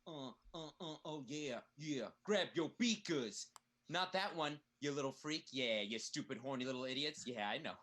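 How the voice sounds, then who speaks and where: A man's voice: on the high side, sharp tone. An actor playing a crude, boastful young male bully who rambles and laughs at himself, in a comedic play reading.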